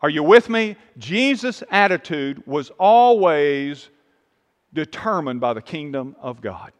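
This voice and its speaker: Preacher, male, high voice, emphatic and repetitive, echoing hall. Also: sing-song, slow pace. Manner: emphatic, rising and falling delivery with repeated phrases. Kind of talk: sermon.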